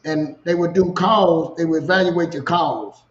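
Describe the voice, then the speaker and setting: A man with a Louisiana accent, a co-host telling a personal story in casual, animated talk. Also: fairly high pitch, unhurried, dull audio. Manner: animated storyteller, repeats "you know what I'm saying". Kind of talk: storytelling chat.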